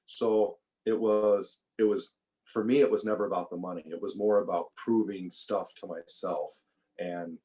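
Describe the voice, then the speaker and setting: A man speaking as a podcast guest, talking in a relaxed, reflective way and often repeating words while he gathers his thoughts. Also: sits low, moderate pace, low-quality recording. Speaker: podcast guest, former survival show contestant. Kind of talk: casual conversational interview.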